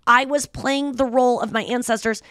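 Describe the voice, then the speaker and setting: A woman in her thirties hosts a podcast and tells a story in casual chat, slipping into the voices of the people in it. Her voice sits a little high. The sound is dry and close. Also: brisk, clear, resonant tone, no room sound. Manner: animated storytelling, acts out quoted voices. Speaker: podcast host.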